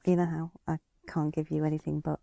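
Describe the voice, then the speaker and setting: A podcast co-host chatting casually with a guest, effusive and quick to laugh. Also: medium pitch, flat delivery, vocal fry, dry recording, clean studio sound. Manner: warm, effusive, laughs often. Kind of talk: casual interview chat.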